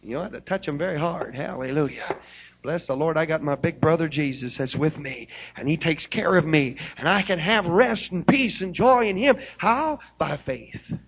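A man preaching a fervent sermon, rising to loud hallelujahs. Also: a little high, expressive, normal speed, slightly rough, muffled recording. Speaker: pastor. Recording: old 1970s live sermon tape.

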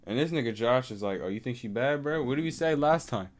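A man's voice: medium pitch, animated, fast. A young man hosting a solo podcast, telling stories in laid-back, slang-heavy casual chat and laughing often. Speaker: podcast host.

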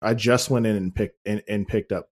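A man on a casual podcast chat who speaks haltingly and stammers. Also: lowish voice, fairly even intonation, a crowd in the background. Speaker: podcast panelist.

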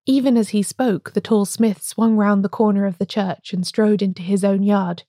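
Woman narrator with a dark, gravelly voice. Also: mid-range voice, fairly even intonation, normal speed, dry recording, studio quality. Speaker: audiobook narrator. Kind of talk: scripted narration.

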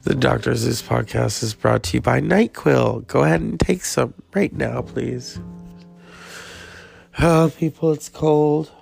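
A man's voice: mid-range voice, measured pace, vocal fry, darkish tone, husky, faint music behind. A man hosting his own podcast, talking casually in a rambling, jokey, self-mocking way. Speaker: podcast host. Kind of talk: casual solo podcast monologue.

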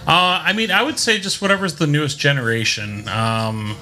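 A man's voice: on the high side, normal speed, bright, forceful tone. A man in his thirties chatting casually on a podcast, with wry jokes and asides. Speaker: podcast co-host. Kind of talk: casual chat.

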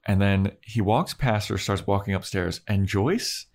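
A man co-hosting a podcast, casually recapping an episode and briefly acting out the characters' lines as he goes. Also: on the low side. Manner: relaxed storytelling, acting out characters in quick impressions. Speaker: podcast co-host.

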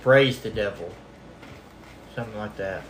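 A man co-hosting a casual podcast, laid-back as he pitches ideas and chimes in with short agreement. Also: a little slow, echoey room, slight background noise. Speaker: podcast co-host.

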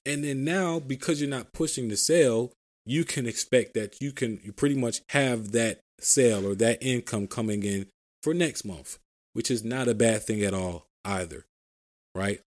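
A man's voice: mid-range voice, moderate pace. A man hosting a podcast, casually explaining sales calls, often asking "right?" and acting out sample phone lines. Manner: conversational, says "right?" often. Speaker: podcast host giving sales advice. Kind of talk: casual solo podcast talk.

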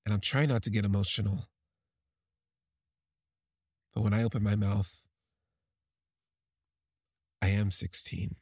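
A man telling a personal story on a podcast, halting and emotional, with many restarts. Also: on the low side, steady tone, darkish tone, slightly rough, no room sound, studio quality.

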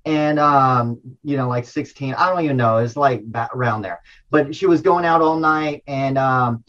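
A middle-aged man telling a personal story in a casual, rambling and excitable way, with many restarts and apologies. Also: mid-range voice, normal speed, dull audio. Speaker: storyteller sharing a personal spiritual experience.

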